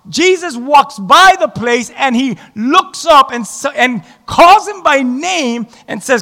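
A male pastor preaches with a strikingly high voice, moving between joking asides and shouted emphasis. His sermon rings out in a church sanctuary with a long, trailing reverb. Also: lively intonation, a little slow, hardly any pauses.

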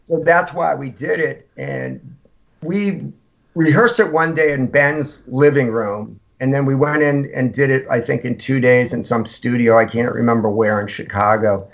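Brief: male guest, gravelly, rambling animated storyteller, dull lo-fi sound. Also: medium pitch, moderate pace. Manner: rambling, animated anecdotes with acted-out quotes. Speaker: punk musician guest. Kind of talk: casual storytelling. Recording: lo-fi podcast audio.

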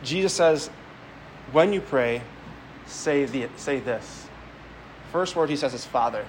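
A man's voice: medium pitch, animated, slow pace, slight background noise, rough recording. A man preaching a homily as a priest, speaking conversationally, telling stories and often repeating words as he goes. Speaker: Catholic priest.

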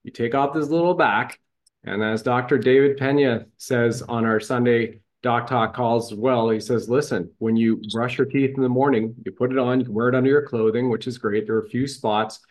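A man hosting a podcast, talking with eager, gushing enthusiasm. His voice sits at a middling pitch, and he often stumbles and restarts mid-sentence. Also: fairly even intonation, normal speed. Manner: effusive, praising, with restarts. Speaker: show host.

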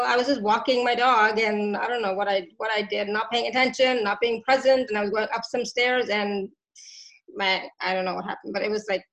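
A woman's voice: mid-range voice, a bit bright, poor audio. A woman hosting a casual online show, effusive and grateful, laughing often as she talks. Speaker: host. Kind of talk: casual chat.

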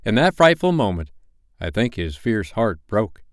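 Man, bedtime storyteller, lively expressive reading, smooth resonant voice, dry close sound. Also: fairly low pitch, moderate pace, no echo. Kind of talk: audiobook narration.

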